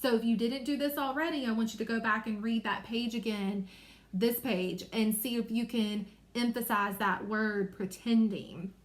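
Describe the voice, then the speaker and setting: A woman teacher giving a recorded reading lesson to young children, explaining patiently and clearly. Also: on the high side, steady tone, moderate pace.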